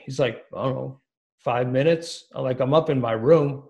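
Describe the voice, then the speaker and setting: A man casually telling a story on a podcast, animated, swearing heavily and acting out the dialogue. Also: medium pitch, normal speed, vocal fry, lo-fi sound.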